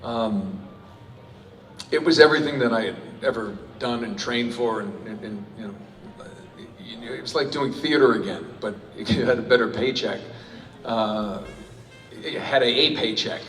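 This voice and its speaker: A man answers fan questions at a convention panel, talking in loose, jokey, self-interrupting sentences. His mid-pitched voice booms through a PA into a big echoing hall. The recording picks it up from far off, with faint music underneath. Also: moderate pace, a bit bright. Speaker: panel guest voice actor.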